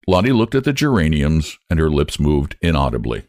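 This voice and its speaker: A man reading a classic short story aloud in a measured, expressive narrating voice. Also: extremely low pitch, dry recording, clean studio sound.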